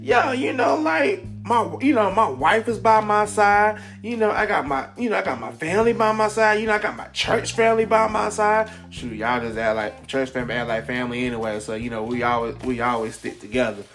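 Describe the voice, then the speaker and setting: A man's voice: fairly high pitch, a bit bright. A man giving casual, upbeat motivational talk to a camera, rambling and full of fillers. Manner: upbeat, preachy encouragement. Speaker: vlogger.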